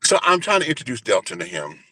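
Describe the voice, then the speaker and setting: A man in his forties telling a personal story in an animated, flamboyant, profane way during a casual interview. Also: mid-range voice, fast, slightly rough, no room sound. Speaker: guest, entertainer and radio host.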